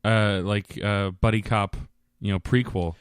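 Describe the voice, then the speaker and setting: A man co-hosting a podcast, chatting in a laid-back, agreeable, halting way. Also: on the low side, fairly even intonation, smooth, no room sound, clean studio sound. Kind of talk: casual chat.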